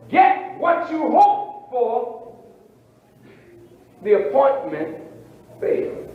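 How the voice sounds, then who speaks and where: A man preaching a sermon in a very high, lively voice that climbs and falls as he questions his listeners. He takes his time and leans on his phrases, and the words echo around a roomy space. The archive recording is dull and lo-fi, with faint ambience underneath. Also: slight background noise. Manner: rhetorical, questioning the listeners, drawn-out emphatic phrasing. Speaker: minister.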